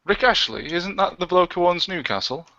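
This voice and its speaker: A man's voice: high voice, expressive, moderate pace, sharp tone, no room sound. A man hosting a late-night live stream, easygoing and wry, on dry, dull lo-fi audio. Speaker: host. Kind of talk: casual chat on a live stream.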